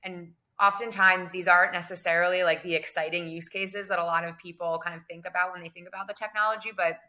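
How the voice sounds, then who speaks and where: A young woman answering interview questions about her work in finance, measured and full of "um" and "kind of". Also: lowish voice, fairly even intonation, pushed and bright. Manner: measured, many fillers and hedging phrases. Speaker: guest, crypto business development director.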